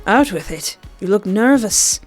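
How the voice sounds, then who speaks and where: A woman's voice: mid-range voice, animated, measured pace, faint music behind, natural voice. A woman voicing a sarcastic young Irish man at a party, doing an Irish accent with a wry, teasing way of talking. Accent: Irish (put on).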